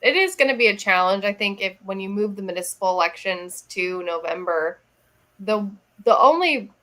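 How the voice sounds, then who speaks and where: A woman's voice: mid-range voice, animated, moderate pace, pushed and bright, poor audio. A woman in casual talk-show chat, thoughtful and hesitant, restarting her sentences and laughing lightly.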